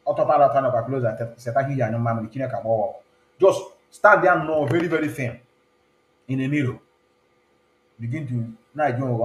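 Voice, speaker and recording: A man's voice: mid-range voice, quick pace, a little hiss or hum. A man hosting a casual live stream. He talks in a chatty way and slips between English, Igbo and pidgin, heard in a roomy, echoing space. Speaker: online show host. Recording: roomy echo.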